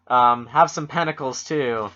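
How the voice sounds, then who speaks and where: A man's voice: medium pitch, unhurried, bright, forceful tone. A Canadian man co-hosting a podcast, chatting casually with wry, self-mocking humor and mock-solemn tarot readings. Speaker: podcast co-host. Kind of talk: casual joking chat. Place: home room at a computer. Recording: dull lo-fi home computer mic.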